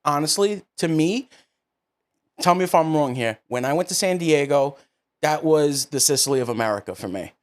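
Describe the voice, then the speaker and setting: A man co-hosting a podcast, telling stories in an excitable way and swearing freely. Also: on the high side, normal speed. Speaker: podcast co-host. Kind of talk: casual podcast conversation.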